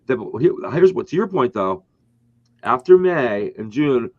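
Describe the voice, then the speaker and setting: A man's voice: medium pitch, animated, unhurried, dry recording. A man talks through his predictions in an emphatic, rambling way, restarting sentences as he goes. His voice sits mid-range, and the audio is dull and dry, like a lo-fi stream. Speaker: co-host. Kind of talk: casual political talk stream.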